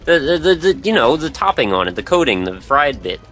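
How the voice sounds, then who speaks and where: A man's voice: mid-range voice, fairly quick. A man joining a let's-play as a co-commentator, casually explaining things. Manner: relaxed, explaining. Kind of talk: casual gameplay chat.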